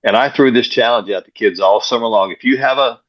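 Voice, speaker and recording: A man, a pastor and coach, guesting on an interview show and telling stories in an energetic way, often repeating words as he goes. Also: mid-range voice, brisk. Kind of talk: casual interview storytelling. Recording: dull lo-fi sound.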